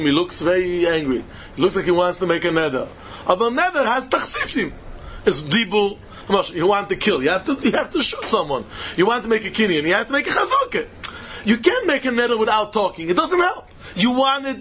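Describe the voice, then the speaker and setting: A man delivers a Talmud lecture in a strikingly high voice. He repeats his points with insistent emphasis and chuckles as he works through the argument. A faint hiss sits under the recording. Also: a bit bright. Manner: emphatic and repetitive, chuckling while explaining. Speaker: Talmud teacher.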